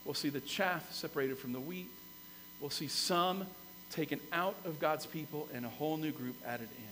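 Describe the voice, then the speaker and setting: A man with a fairly high voice preaches in a church sanctuary, retelling a story with animated emphasis that climbs to loud peaks. The room gives a long reverb, and a faint hum sits under his voice. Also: normal speed. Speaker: pastor. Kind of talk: sermon.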